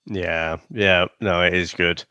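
This podcast co-host has a deep, sharp, clean-toned voice with little pitch movement, and he takes his time. The recording is muffled but has no room sound. He chats casually about a film, wandering through the plot, laughing often, and dropping into silly voices.

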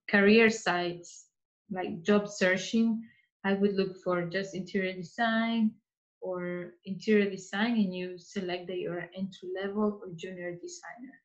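A woman interior designer giving career advice in a casual interview, earnest and repeating herself as she searches for words. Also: on the low side. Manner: earnest, speaks in restarts and repeats. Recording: slightly dull lo-fi sound.

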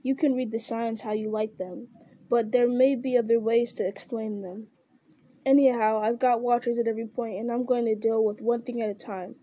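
A woman voicing a gruff, stern male orc captain who growls out blunt orders in an audiobook reading. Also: fairly high pitch, steady tone, moderate pace, warm tone, dry recording, natural voice. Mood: dismissive.

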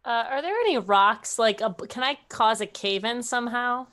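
A woman's voice: fairly high pitch, normal speed, fairly bright tone. A woman playing a tabletop game, chatty and giggly, swearing casually as she describes her character's moves. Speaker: player.

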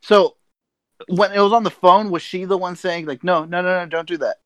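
A man in casual chat, reacting to a story with quick interjections and questions. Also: high-pitched, fairly even intonation, dry recording.

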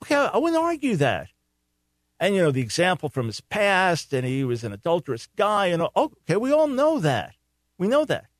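A man's voice: sits high, huge pitch swings, normal speed, no echo, studio quality. A man hosting a call-in talk radio show, giving opinionated commentary with emphatic rhetorical questions and repeated phrases for stress.

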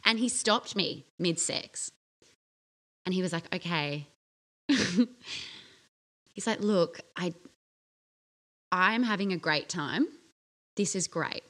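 A woman's voice: slow pace, long pauses. A woman, co-hosting a casual podcast chat and telling a story with acted-out quotes. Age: 30s. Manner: animated storytelling, acting out quotes in a low voice. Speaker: podcast co-host.

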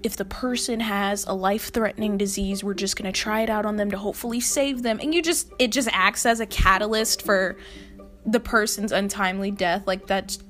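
A woman's voice: medium pitch, a bit bright. Chatty young woman over faint music. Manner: chatty, laughing, exasperated asides. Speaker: video host. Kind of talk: scripted casual commentary.

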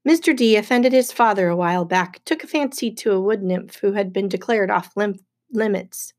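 A patient older male centaur teacher, read by a woman, measured and steady. He speaks evenly, with a gentle note of warning. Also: medium pitch, natural voice. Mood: calm.

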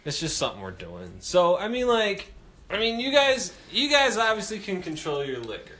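A man with a high, lively and bright voice trades quick quips on a podcast. His talk is loose and conversational. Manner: quippy, reacts and chimes in. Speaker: podcast co-host. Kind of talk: casual chat.

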